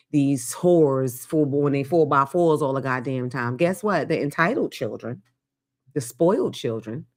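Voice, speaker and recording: A woman hosting a podcast, telling a blunt, profane rant in a comedic monologue. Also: a bass voice. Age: adult with grown children. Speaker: podcast host.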